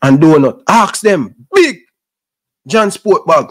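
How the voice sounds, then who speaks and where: Hosting his own sports channel, a middle-aged Jamaican man with a high, sing-song voice holds forth to his audience in thick Patois. He takes it slowly, preaching with passion about patience and hustle in a casual rant to camera.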